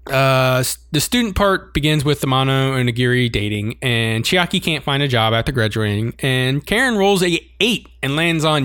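A man's voice: mid-range voice, lively intonation, normal speed, hardly any pauses, fairly bright tone, clean tone, no room sound, clean studio sound. A man co-hosting a casual chat, animatedly recapping an anime episode and laughing often as he reads out scenes. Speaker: podcast co-host.

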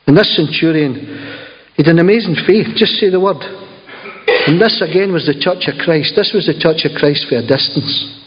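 A man's voice: fairly high pitch, normal speed. A man preaching a sermon in a conversational, emphatic storytelling manner with asides. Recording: slightly dull lo-fi recording.

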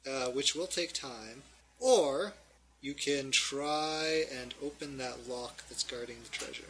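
A man's voice: medium pitch, slow pace, crowd noise, rough recording. A man narrating as game master in a tabletop game, playful and jokey.

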